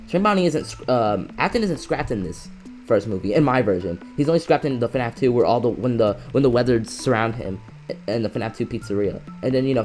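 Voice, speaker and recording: A young man giving a casual movie review on camera, excitable and rambling, often restarting his sentences. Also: medium pitch. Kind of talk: casual reaction rant. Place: indoors, filming himself.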